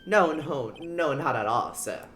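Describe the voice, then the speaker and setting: A streamer voicing a polite, fawning male hotel manager in a game, speaking formally and flatteringly. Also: mid-range voice, a little slow, a little hiss or hum. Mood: obsequious. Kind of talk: reading game dialogue aloud.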